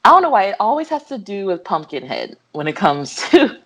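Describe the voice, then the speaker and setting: Speaking a little fast in a husky, mid-range voice, this young adult podcast co-host chats casually. She laughs a lot and brings scenes to life with animated retellings and voiced quotes.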